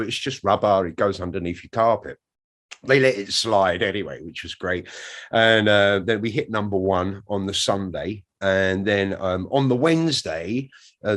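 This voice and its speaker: A man, talking in a fairly low voice. He tells his story with plenty of energy and cheek, and slips into the voices of the people he is quoting. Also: fairly bright tone. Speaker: musician interviewee. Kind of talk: animated anecdote telling.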